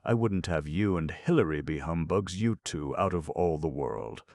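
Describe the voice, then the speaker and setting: A man reading an audiobook, voicing a bitter, worldly young society woman who speaks softly and wistfully. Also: sits low, lively intonation, moderate pace, no echo.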